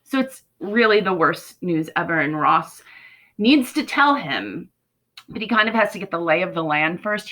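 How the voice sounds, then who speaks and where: A woman teacher talking casually through a play for her students, often checking in with "right?" and retelling scenes in lively paraphrase. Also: on the low side, low-quality recording. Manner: conversational, asks "right?" often, paraphrases lines in lively quotes.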